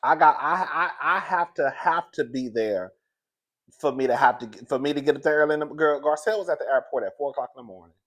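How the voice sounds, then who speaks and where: A man in a casual, gossipy chat recapping a reality show, animated and laughing often, speaking. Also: a little high, fast talker. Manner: chatty, gossipy and animated, laughs often, says "girl" a lot.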